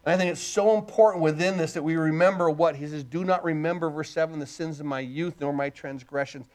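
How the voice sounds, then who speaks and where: A man with a high voice delivers a sermon, reading scripture verses aloud. He keeps putting rhetorical questions to the congregation, rising to loud emphasis and dropping low and quiet. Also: fast, hardly any pauses. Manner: emphatic preaching, asks the crowd rhetorical questions, swings loud and soft. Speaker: pastor.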